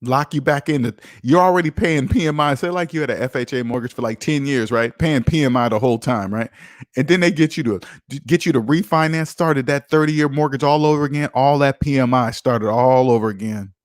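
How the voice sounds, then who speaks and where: A man's voice: medium pitch, a little fast, dry recording, studio quality. A man hosting a casual finance livestream, reading viewer comments aloud and teasing them with a joking manner.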